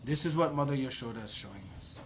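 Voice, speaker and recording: A man's voice: medium pitch, lively intonation, fast, slight background noise. A man giving a devotional class, telling a story with emphatic rhetorical questions. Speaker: preacher.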